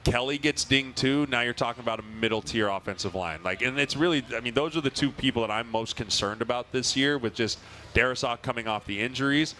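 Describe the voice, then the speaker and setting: A former lineman talks fast and with a bright, forceful edge. He spins animated stories for a live audience at an outdoor fair stage. Faint ambience sits behind him. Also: medium pitch, slight background noise. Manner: storytelling, animated. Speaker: podcast co-host, former lineman. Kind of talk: casual chat at a live show.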